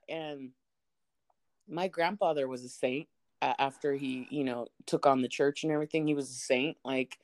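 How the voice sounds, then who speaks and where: A woman telling family stories in a casual podcast chat, animated and swearing, acting out the people she quotes. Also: extremely low pitch, moderate pace. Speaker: podcast co-host.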